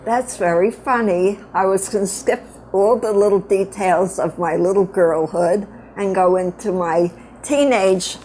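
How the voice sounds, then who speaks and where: An older woman in her eighties, originally from upstate New York yet speaking with a Brooklyn accent, shares stories of her girlhood with her family. She's a grandmother recounting her life in a frank, reminiscing, casual way. Her medium-pitched voice is steady, a little slow and mellow, with a faint hiss or hum behind it.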